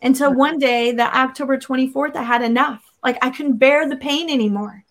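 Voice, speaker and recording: High-voiced woman telling an earnest story. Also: steady tone, fairly quick. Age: adult. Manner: earnest, vivid storytelling that acts out her own past words. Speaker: interview guest. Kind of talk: personal faith testimony.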